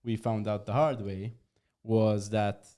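A man hosting a podcast in casual chat, hesitant and halting, laughing often as he talks. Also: lowish voice, little pitch movement, mellow. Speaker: podcast host.

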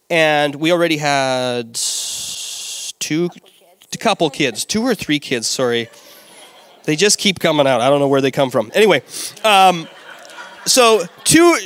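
A middle-aged man preaching a sermon as a pastor, telling a story in a lively way with playful asides. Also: fairly high pitch, takes it slowly.

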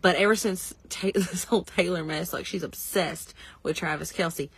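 A woman in her thirties with a Southern US accent, telling a lively story in casual podcast chat and laughing often. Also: fairly low pitch, normal speed, breathy edge, no room sound. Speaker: podcast co-host.

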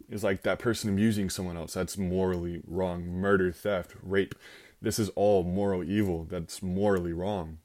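A man with a deep, low voice teaches about faith in a relaxed, conversational way. He often slips into acted-out scenes, voicing the people in them as he goes. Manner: conversational, acts out scenarios with quoted voices. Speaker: Christian teacher. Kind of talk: informal teaching talk.

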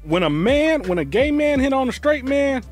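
A high-pitched man hosts a reaction show, loud and animated, with his voice swinging widely as he rants and swears freely. Faint music sits behind him. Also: moderate pace. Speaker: host. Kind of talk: profane reaction commentary.

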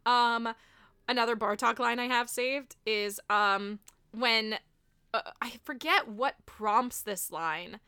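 A young woman co-hosting a casual chat, her voice high and clean with a crisp, smooth finish. She talks with eager enthusiasm and breaks into laughter often, and the sound is close and dry. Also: slow, pushed and bright, no room sound.

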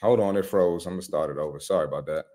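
A man's voice: deep voice, rapid-fire, crowd noise. A man, a personal trainer, hosting a live reaction stream with blunt, profane, slangy commentary.

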